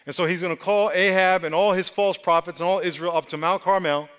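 A man's voice: high voice, fairly even intonation, fairly quick, fairly bright tone, smooth. A male pastor preaching a sermon, leading the crowd in call-and-response. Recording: long hall reverb.

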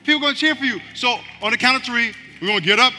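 A man preaching as a pastor, moving between hushed urging and loud rousing calls to the congregation. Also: very high voice, racing. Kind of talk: sermon with altar call. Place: large church hall. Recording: music behind, long hall reverb.

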